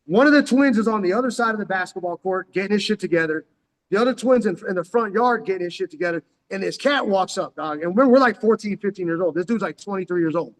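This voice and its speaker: With headphones on, a fortysomething vlogger from San Diego rattles off a story in slangy, profane talk, saying "dog" constantly. His voice sits high and moves fast, and a long, echoing reverb trails it.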